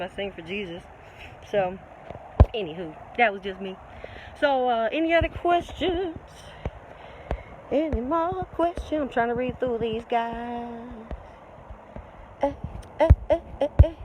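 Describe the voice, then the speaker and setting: A woman hosts a casual live-stream Q&A, slightly congested, talking in an animated, preachy way and calling her listeners baby. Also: fairly high pitch, noisy background. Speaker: livestream host answering viewer questions.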